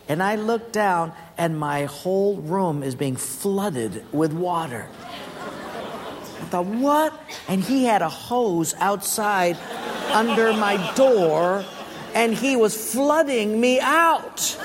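A man's voice: very high-pitched, fairly bright tone, slight background noise. A middle-aged male pastor preaching a sermon and telling a comic story animatedly, with frequent uh-fillers. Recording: long echo of a large hall, faint ambience.

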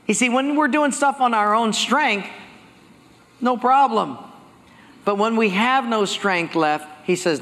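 A male pastor preaching a sermon, telling stories with lively acted-out dialogue. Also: extremely high pitch, measured pace. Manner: animated storytelling, acting out dialogue. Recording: long hall reverb.

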